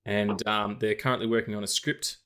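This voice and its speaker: On the low side but fairly bright, this co-host's voice stays fairly even in intonation and moves fairly quickly. He talks casually about film news on a podcast, rambling with fillers, restarts and tangents.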